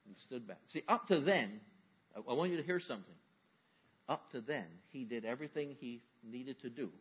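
Husky-voiced male pastor preaching. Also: mid-range voice, lively intonation, fairly quick, lo-fi sound. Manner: folksy, conversational preaching with vivid everyday examples. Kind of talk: sermon.

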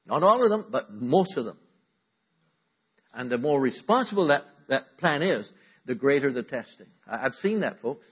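A man preaching a sermon to a congregation, calling out to the room and moving between loud emphatic lines and quiet asides. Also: mid-range voice, very animated, normal speed, slightly rough, muffled recording. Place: church.

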